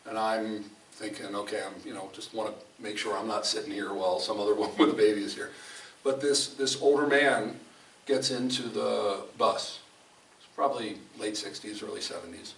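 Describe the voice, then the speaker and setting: A preacher delivers a conversational, storytelling sermon in a fellowship hall, speaking emphatically and often restarting sentences. His voice is fairly low and a bit bright, with a steady tone, moderate pace and vocal fry. A distant mic picks up the echoey hall and faint room noise.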